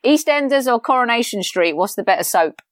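A woman hosting a casual chat, running a quick-fire quiz in a brisk, playful manner. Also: on the high side, lively intonation, dry recording, studio quality. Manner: brisk, playful, calls guest babe. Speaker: host.

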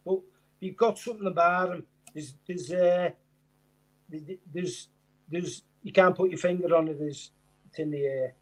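An older man, a former footballer talking as a guest in casual chat, jokey and animated, often repeating his phrases. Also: sits high, normal speed.

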